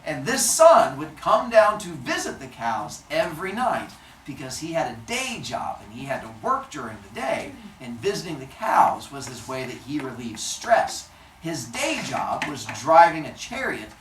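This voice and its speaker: A woman telling a myth to children in a lively, playful way, adding sound effects. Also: sits low, a little slow. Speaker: storyteller. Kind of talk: animated storytelling for children. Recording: roomy, distant mic, faint noise.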